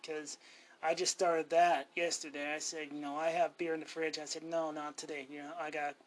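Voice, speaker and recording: A man's voice: fairly high pitch, level tone, moderate pace. A man hosting a casual solo podcast, rambling and cussing freely, calling himself ornery. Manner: rambling, profane, self-talking. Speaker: podcast host.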